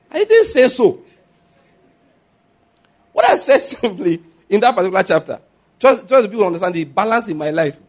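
Animated high-voiced pastor. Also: male voice. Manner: animated, laughing, mimics others in high voices. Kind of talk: sermon.

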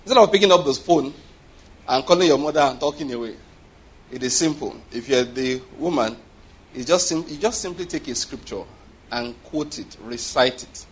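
Male pastor, husky tone, lively sermon delivery with frequent call-and-response checks. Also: mid-range voice, normal speed. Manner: animated preaching with call-and-response checks and acted-out voices.

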